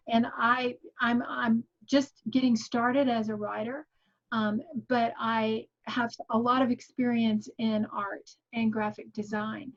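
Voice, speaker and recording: A woman's voice: fairly high pitch, darkish tone, dull audio. A woman guest giving an online tutorial in an earnest, encouraging teaching manner. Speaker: guest teaching graphic design.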